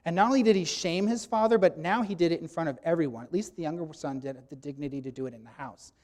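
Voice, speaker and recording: Male preacher mid-sermon, emphatic teaching voice sitting a bit high, bursting loud on quoted lines. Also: quick pace.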